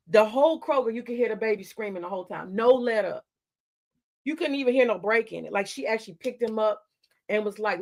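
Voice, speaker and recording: A woman's voice: fairly high pitch, fairly quick. A woman hosting a livestream, ranting at her chat in a confrontational, profane way. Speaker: livestream host.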